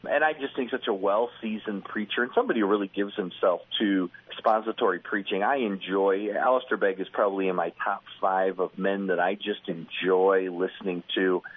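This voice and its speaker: A man telling stories in a relaxed radio conversation, lively and acting out quotes with a chuckle. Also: deep voice, fairly quick, few pauses, breathy edge. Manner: animated storyteller, acts out quotes with laughs. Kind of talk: conversational radio chat, storytelling. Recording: phone-like radio broadcast audio.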